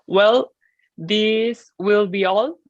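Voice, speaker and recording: A woman's voice: medium pitch, drawn-out words, no echo. A woman interviewing classmates, reading her questions carefully with small restarts. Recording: dull lo-fi recording.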